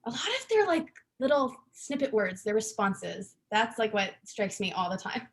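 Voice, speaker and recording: A young woman, a guest on a podcast, telling stories in a lively, chatty way with many fillers. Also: mid-range voice, normal speed. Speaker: interview guest. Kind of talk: casual interview chat.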